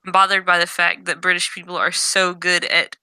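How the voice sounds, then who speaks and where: A woman with a fairly low but very bright and crisp voice chats casually and shares her opinions freely. Her speech is clear and smooth. The sound is dry and close. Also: little pitch movement, dry recording. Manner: chatty, quick to voice her opinions. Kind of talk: casual chat.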